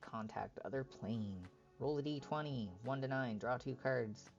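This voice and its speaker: A man's voice: mid-range voice, unhurried, gravelly, dull audio, soft background music. A man on a live stream, chatting casually and reading card text aloud as he opens packs. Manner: reads card text aloud in a relaxed running commentary.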